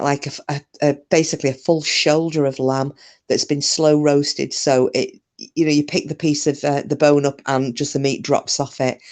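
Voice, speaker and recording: A woman's voice: a bass voice, darkish tone. British woman, live-stream host, chatty and rambling, casual, answers comments by name. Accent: British English.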